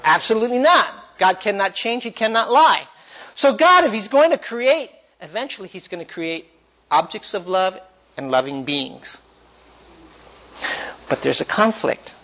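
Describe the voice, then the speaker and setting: A man's voice: high voice, very animated, unhurried, pushed and bright. Man teaching a Bible class, dull lo-fi sound. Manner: questions the class and animates points.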